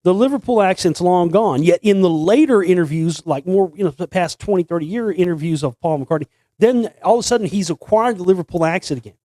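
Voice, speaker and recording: A man with a slightly high voice talks on and on in a loose monologue, stumbling over restarts and doubling back on his words. The sound is dry and close, with no room around it. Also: brisk, warm tone, no room sound. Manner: rambling, many restarts, sings snippets. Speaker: host. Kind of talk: casual monologue.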